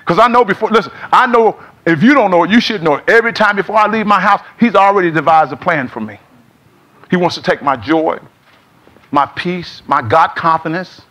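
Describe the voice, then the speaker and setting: In a church sanctuary, a middle-aged pastor preaches a sermon and calls on the congregation to answer back and repeat after him. His voice is high-pitched, brisk, bright and forceful.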